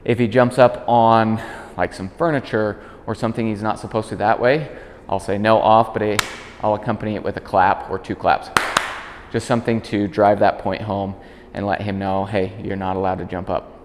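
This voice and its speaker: A man working as a dog trainer, explaining commands in a calm instructional demonstration. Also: normal speed, big-room sound, background noise. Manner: calm explaining, high-pitched praise to the dog.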